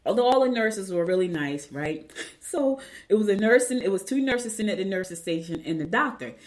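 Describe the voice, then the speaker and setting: An older woman, casually chatting to viewers as a morning show host, telling an animated story and calling them y'all. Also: medium pitch, fairly quick.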